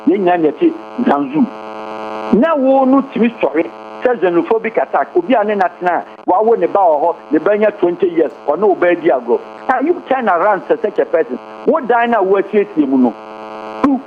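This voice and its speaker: A man's voice: sits high, lively intonation, brisk. A Ghanaian man speaking as a guest commentator, impassioned and firing off rhetorical questions. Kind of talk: heated interview talk. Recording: tinny phone-like line, faint hum.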